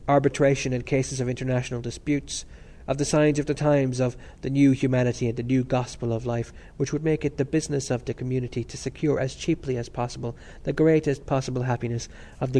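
Audiobook narrator, man, mellow and measured. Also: medium pitch. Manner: steady, measured reading. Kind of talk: scripted narration.

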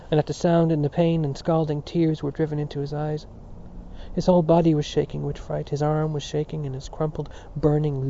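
Dark-voiced man reading literary fiction. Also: on the high side, highs cut off, a little hiss or hum. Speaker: audiobook narrator. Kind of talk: literary audiobook narration.

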